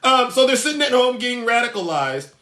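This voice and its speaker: High-pitched mocking male livestream host. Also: sing-song, fairly quick, bright, forceful tone. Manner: mocking, combative, riffs with acted-out exchanges. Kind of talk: ranting political livestream commentary. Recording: echoey room.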